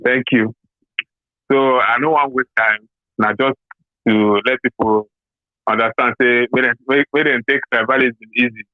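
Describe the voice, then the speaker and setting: Nigerian male caller, phone line, mid pitch, halting delivery. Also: steady tone, dry recording. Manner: halting, many restarts, pidgin asides. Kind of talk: phone-in opinion call. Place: on a phone call from abroad.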